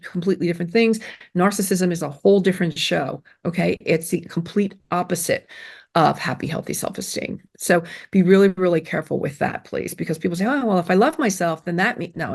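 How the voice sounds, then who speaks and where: This middle-aged woman has a lowish, creaky voice as she earnestly gives self-esteem advice in an interview. Her manner is emphatic and repetitive, marked by frequent fillers and restarts.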